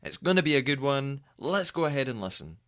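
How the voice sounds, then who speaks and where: Man, podcast host, casual, upbeat, laughs a lot, medium pitch. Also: big pitch swings, brisk, fairly bright tone, soft background music. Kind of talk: casual interview chat.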